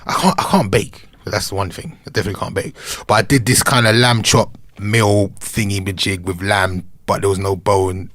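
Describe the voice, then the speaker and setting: A man's voice: fairly low pitch, moderate pace, hardly any pauses, a bit bright, no echo. A man co-hosting a podcast, chatting casually and bantering with plenty of laughs. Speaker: podcast co-host. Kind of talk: casual chat.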